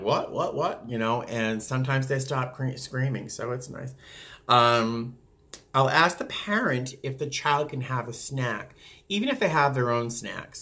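A man who works as a flight attendant, chatting casually and acting out passengers with sudden jumps in pitch. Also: sharp tone. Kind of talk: casual talk to camera.

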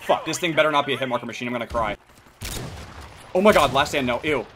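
A young man with a scratchy, hoarse throat giving loud, excitable gameplay commentary, swearing and bursting into shouts. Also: medium pitch, fast. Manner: excitable, swears a lot, sudden shouting outbursts. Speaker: gaming video creator.

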